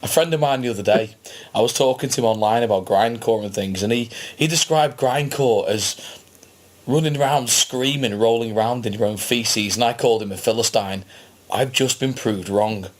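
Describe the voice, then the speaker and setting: A man's voice: medium pitch, normal speed. A man from England hosts a loose, casual podcast interview. He talks to his guest in an enthusiastic, jokey, matey way. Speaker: podcast host.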